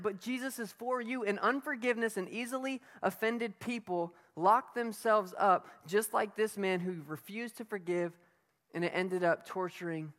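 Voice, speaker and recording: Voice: mid-range voice, fairly bright tone. A preacher giving a sermon in an emphatic, conversational way, asking the listeners rhetorical questions. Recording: long reverb of a hall.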